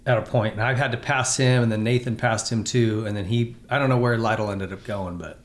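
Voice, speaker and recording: A man's voice: fairly low pitch, fairly even intonation, a little fast. A man hosting a podcast in casual chat, a former motocross racer who reacts with short, laid-back comments and questions.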